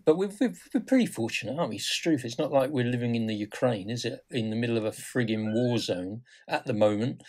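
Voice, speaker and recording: An older man from the UK chats easily as a podcast co-host. His voice sits at an ordinary middle pitch, and it jumps up with energy whenever he stresses a point. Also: lively intonation, a little fast, hardly any pauses, darkish tone. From United Kingdom. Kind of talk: casual conversation.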